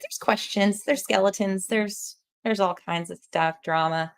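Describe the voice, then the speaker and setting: Giggly, animated woman. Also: medium pitch, a little slow, clean tone. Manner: animated, laughs often, talks with her hands. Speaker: podcast host. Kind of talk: casual podcast chat.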